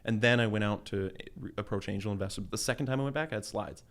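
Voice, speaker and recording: A man in his thirties from Canada, casually telling a business story in an interview, animated and quick to laugh. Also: lowish voice. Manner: animated storyteller, acts out quoted voices with laughs. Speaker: guest entrepreneur.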